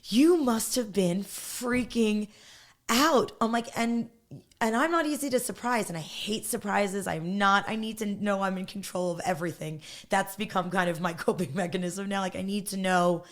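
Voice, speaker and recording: A woman's voice: mid-range voice, a little fast, fairly bright tone. A woman in her thirties, a podcast guest, telling her story bluntly and candidly, laughing often.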